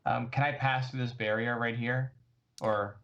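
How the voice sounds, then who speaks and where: A man's voice: medium pitch, steady tone, moderate pace, fairly bright tone, muffled recording. A man playing a tabletop game, talking hesitantly with many restarts. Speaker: player. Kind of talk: casual tabletop game play.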